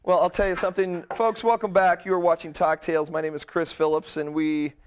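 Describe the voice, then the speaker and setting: A man's voice: a little high, fairly quick, a little hiss or hum. A man from Arizona hosting a casual late-night talk show, joking bawdily with his co-host. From Arizona, USA. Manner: animated, joking, bawdy. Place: studio.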